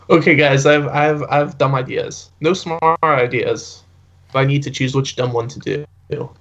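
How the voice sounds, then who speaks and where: A man's voice: mid-range voice, a bit bright. A man playing a tabletop role-playing game, talking playfully and hesitantly. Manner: playful, hesitant, drawn-out speech. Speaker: player. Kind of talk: casual tabletop role-play. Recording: dull lo-fi mic.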